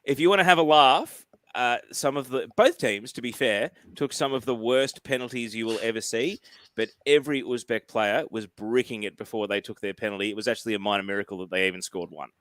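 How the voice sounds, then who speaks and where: A man in a casual podcast chat, giving emphatic, animated opinions. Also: medium pitch, fairly quick, no echo. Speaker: podcast co-host.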